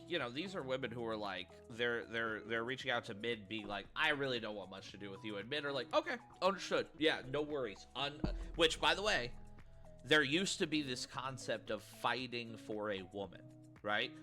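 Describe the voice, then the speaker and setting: Bright-voiced man riffing on a clip. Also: medium pitch. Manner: rambling, repeats words, laughs often. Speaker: reaction video host. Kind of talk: casual reaction commentary.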